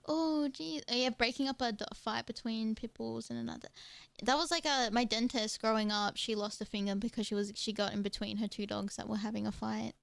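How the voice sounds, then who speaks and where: A young adult woman with an Australian accent, chatting casually while streaming a game, excitable and quick to swear and shriek when frightened. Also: a little high, creaky, dry recording. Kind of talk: casual gaming commentary.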